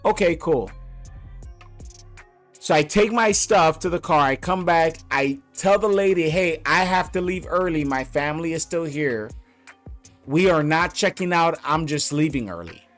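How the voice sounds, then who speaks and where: A fed-up man vents about a bad hotel stay, blunt and profane, hammering his points by saying them twice. His voice sits a little higher than most men's. Music plays faintly under him. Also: a bit bright. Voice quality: blunt, profane, repeats himself for emphasis. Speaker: vlogger. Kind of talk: angry ranting story.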